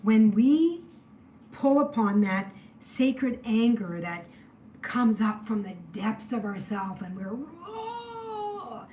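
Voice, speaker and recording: Slow emotional lady doing a tarot reading, gets loud then goes all hushed, bit of faint noise behind. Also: medium pitch, rough recording. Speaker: tarot reader.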